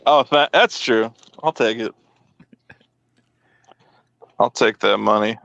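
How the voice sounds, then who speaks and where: A man's voice: lowish voice, slow pace, creaky, a bit bright, no room sound. A man joining a casual panel chat with offhand, joking remarks. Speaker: co-host panelist. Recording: dull, dry lo-fi mic.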